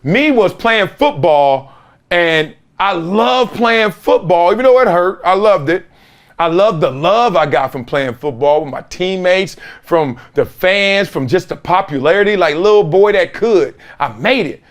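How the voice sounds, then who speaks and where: A man's voice: sits high, animated, unhurried. A middle-aged man, a former football player, hosting a sports talk show in an emphatic storytelling monologue, acting out the voices of people in his stories. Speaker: host, former NFL player.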